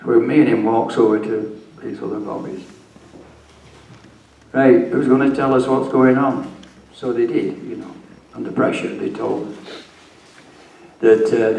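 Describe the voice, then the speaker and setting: A man's voice: fairly low pitch, creaky, a little mellow. An older man, a retired police officer telling his story at a conference, blunt and swearing freely. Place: conference hall. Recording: echoey room, mic far off.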